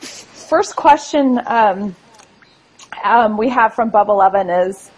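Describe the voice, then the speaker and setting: Blunt, husky-voiced woman. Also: medium pitch, expressive, slow, poor audio. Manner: blunt, sarcastic. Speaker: podcast co-host reading listener questions. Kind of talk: casual podcast chat.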